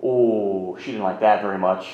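A man in his thirties with a fairly low voice tells his story frankly, rambling along and poking fun at himself. The sound is roomy and a little muffled, with faint background noise. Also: fairly even intonation, moderate pace. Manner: rambling, frank, self-mocking. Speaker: speaker sharing a recovery story. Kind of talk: candid personal storytelling. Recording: roomy, slightly muffled recording.

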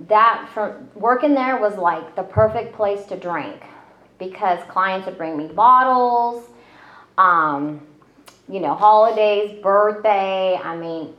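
A woman's voice: medium pitch, a bit bright. A woman telling her own story in casual conversation, chatty and self-deprecating, with lots of fillers. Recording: roomy, slightly dull audio.

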